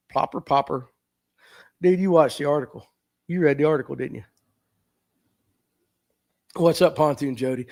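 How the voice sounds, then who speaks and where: Folksy man hosting a fishing stream. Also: fairly high pitch. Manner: folksy, joking, reads comments aloud and riffs on them. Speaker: host of a fishing talk stream. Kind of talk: casual live-stream chat reading viewer comments.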